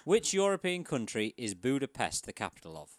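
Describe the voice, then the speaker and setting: A man's voice: medium pitch, huge pitch swings, a little fast, no room sound. A man co-hosting a loose podcast, his voice swinging wildly up and down as he reads quiz blunders and keeps breaking into laughter. The sound is dry and close, with no room around it. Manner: laughs often, reads quiz lines with mock host and contestant voices. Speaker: podcast co-host. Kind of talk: casual podcast chat, reading out quiz blunders.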